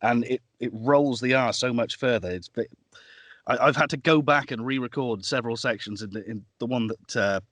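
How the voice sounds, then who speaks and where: A man's voice: mid-range voice, moderate pace, fairly bright tone, dry recording. A man, an audiobook narrator, explaining his work at length in a casual interview. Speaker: guest, audiobook narrator and producer.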